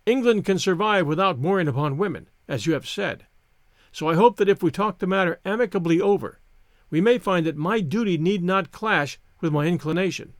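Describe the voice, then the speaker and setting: A man's voice: high voice, brisk, dry recording, clean studio sound, natural voice. A man reading the part of a gallant, teasing young naval officer in an audiobook, playful and courtly.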